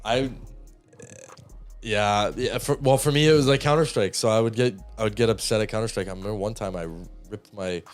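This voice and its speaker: A young man tells a story on a podcast in casual chat. He is animated and breaks into laughs as he goes. Faint music sits behind him. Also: lowish voice, fairly quick. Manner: animated, laughs while telling stories. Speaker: podcast co-host.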